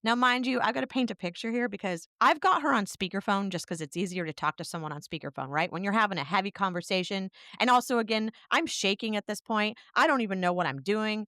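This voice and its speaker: Smooth-voiced woman telling a candid story. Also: mid-range voice, fairly quick, few pauses, bright, forceful tone, dry recording, clean studio sound. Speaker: podcast co-host. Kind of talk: personal storytelling conversation.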